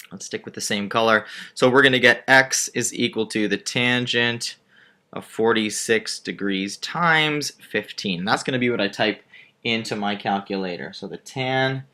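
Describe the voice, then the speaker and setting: A man's voice: fairly low pitch, a little slow, sharp tone. A male math teacher patiently walking through a word problem step by step while drawing a diagram. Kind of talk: screen-recorded math lesson.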